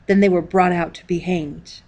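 A woman reading aloud as a stern male church elder who tells a grim story slowly and darkly. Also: fairly low pitch, steady tone, natural voice. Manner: slow and dark, graphic telling.

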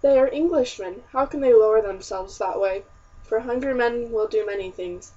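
A woman's voice: a little high, moderate pace, warm tone, natural voice. A woman reading the lines of a grave, plain-spoken young male colonist in an audiobook. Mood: solemn. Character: solemn young male colonist, earnest, blunt. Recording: distant, dull lo-fi audiobook recording.

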